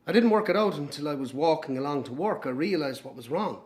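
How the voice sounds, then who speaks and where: An actor with an Irish accent playing a young man, her lost twin, speaking in a hushed, brooding dramatic monologue for an audio drama. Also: a little high, expressive, fast talker, lightly acted. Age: young adult.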